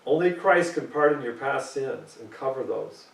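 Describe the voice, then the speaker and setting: A man's voice: medium pitch, lively intonation, normal speed, gravelly, roomy sound, recorded from a distance, low-quality recording. A man preaching a sermon, reading scripture aloud and pressing his points emphatically.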